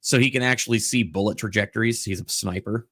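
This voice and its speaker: A man's voice: fairly low pitch, fast talker, a bit bright, dry recording. A man chatting on a live stream, rambling with lots of restarts and casual swearing. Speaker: regular stream co-host.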